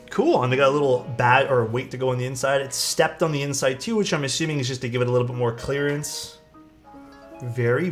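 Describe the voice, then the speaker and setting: A man casually chatting as a live streamer while building a keyboard, rambling and relaxed, often saying "dude". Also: mid-range voice. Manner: laid-back, rambling, peppered with "dude" and "like".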